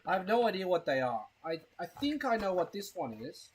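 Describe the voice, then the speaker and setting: A man's voice: high voice, sing-song, a little fast, slight background noise, low-quality recording. A man chatting casually on a live stream, rambling and crude, with a self-mocking tone and a case of hiccups. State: has hiccups.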